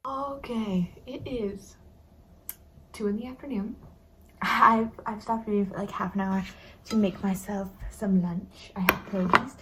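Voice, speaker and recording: A woman's voice: medium pitch, fairly even intonation, normal speed, a bit bright, slightly rough. A young woman casually chatting about a book she is reading for her vlog, often half-whispering and using many fillers. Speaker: book vlogger.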